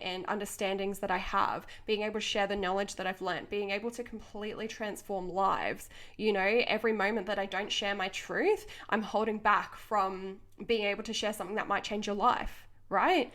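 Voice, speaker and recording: A young woman speaks off the cuff as a podcast host and coach, earnest and full of passion. Her voice sits at an ordinary middle pitch for a woman, and she breaks into quick laughs between thoughts. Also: a bit bright. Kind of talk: unscripted motivational podcast monologue.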